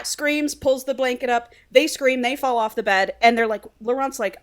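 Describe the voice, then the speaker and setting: A woman's voice: on the high side, normal speed, hardly any pauses. A woman co-hosting a podcast, chatting casually as she retells a book with lots of energy. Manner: animated, laughing, reads quotes aloud in put-on voices. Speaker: podcast co-host.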